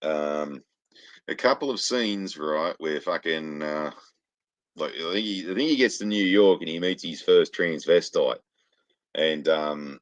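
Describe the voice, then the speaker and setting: A man's voice: very deep voice, measured pace, no echo, muffled recording. A man with an Australian accent, telling crude, rambling stories in casual chat, swearing constantly. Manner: profane, rambling anecdotes, heavy swearing.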